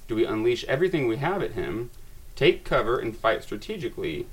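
A man's voice: mid-range voice, big pitch swings, brisk, breathy edge. A man reading a tabletop game's story aloud to his friends, with dramatic narration. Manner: dramatic narration, laughs at himself. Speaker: narrator and reader of a tabletop game.

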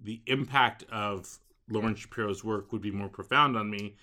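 A man co-hosting a casual book discussion podcast, talking haltingly with frequent "um" and restarts. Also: on the low side, pushed and bright. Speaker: podcast co-host.

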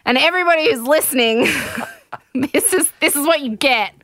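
A woman's voice: high-pitched, normal speed, a bit bright, dry recording, studio quality. A woman co-hosting a podcast, chatting casually and recapping a show, laughing often and acting out quotes. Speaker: podcast co-host.

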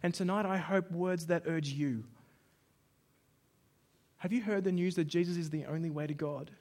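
A man's high-leaning voice moves at a moderate pace through a sermon. As a pastor, he leans on storytelling, performing the dialogue with animation and shouts.

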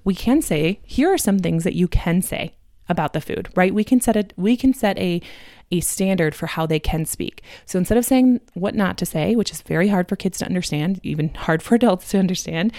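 Lady in her 30s chatting on her parenting podcast, kinda low voice, laughs a lot, dry close mic. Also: dark tone, dry recording. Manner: chatty, laughs often, lots of "like" and "right?". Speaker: podcast host, parenting coach. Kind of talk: casual solo podcast chat.

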